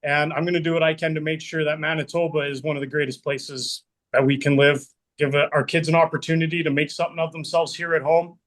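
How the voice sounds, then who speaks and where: Forceful man candidate, plain-spoken. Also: a little high, little pitch movement, fast. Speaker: election candidate. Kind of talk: closing statement. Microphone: video call.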